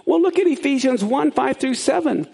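A man teaching a sermon, explaining Bible words in an animated way that swings up high for emphasis. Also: normal speed, vocal fry.

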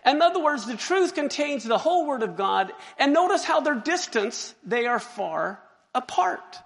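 Animated joking pastor, man, gravelly voice, preaching in a reverberant sanctuary. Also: extremely high pitch, normal speed. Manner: animated, joking, exclaims and laughs often. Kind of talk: sermon. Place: church sanctuary. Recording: long hall reverb.

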